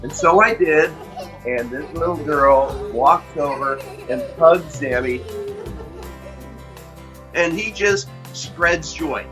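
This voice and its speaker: Middle-aged guy telling a heartfelt story, slow and earnest, kinda high voice, repeats himself for emphasis. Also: over music. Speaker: dog owner and vlogger.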